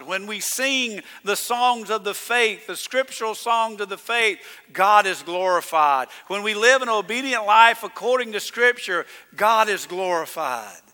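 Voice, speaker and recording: A man preaching a sermon as pastor, emphatic, rising to loud declarations. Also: high-pitched. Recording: reverberant church hall.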